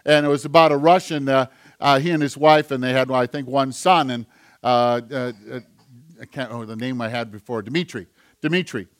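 A man preaching a sermon in an earnest, emphatic manner, sometimes dropping to a hush. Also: mid-range voice, moderate pace. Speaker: pastor.

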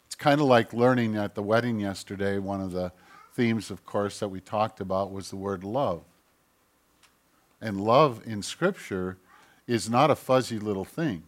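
This male pastor, voice on the low side at a normal pace, delivers a sermon reading scripture aloud. He hits loud, emphatic peaks, drops into quiet asides, and keeps clearing his throat and correcting himself.

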